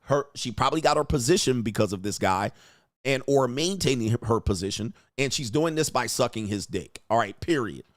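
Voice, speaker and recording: A man hosting his own livestream, talking in a crude, combative way and laughing often at his own remarks. His voice sits at an ordinary pitch for a man. The sound is dry and close, with no room echo. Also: expressive, a little fast. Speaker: livestream show host and dating coach. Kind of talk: profane livestream commentary.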